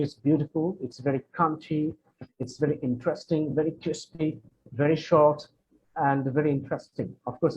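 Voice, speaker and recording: A man leading an online question session for students, answering in a friendly, hesitant way with many fillers and restarts. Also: a little high. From Bangladesh. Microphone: video call. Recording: dull lo-fi video call with faint noise.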